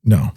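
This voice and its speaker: A man co-hosting a podcast in casual chat, playful, joking with goofy sound effects and frequent laughs. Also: mellow. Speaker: podcast co-host.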